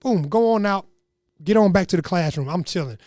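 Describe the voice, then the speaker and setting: High-voiced man telling a funny story. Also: brisk, no room sound, studio quality. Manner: animated, slangy, acts out quotes. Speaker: comedian storyteller. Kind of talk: comedic storytelling.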